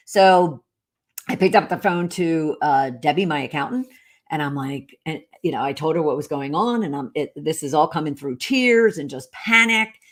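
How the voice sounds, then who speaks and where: A woman's voice: deep voice, expressive, moderate pace. A middle-aged woman hosting a podcast, telling a personal story in a candid, rambling way with many fillers and restarts. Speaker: podcast host.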